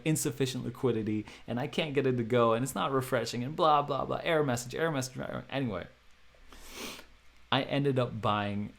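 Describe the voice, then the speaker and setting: A man hosting a vlog who tells a story in an animated way. He acts out the quoted dialogue with big jumps in pitch and loudness, and he laughs often and mocks himself. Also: creaky. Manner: self-mocking, laughs often. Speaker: crypto video host.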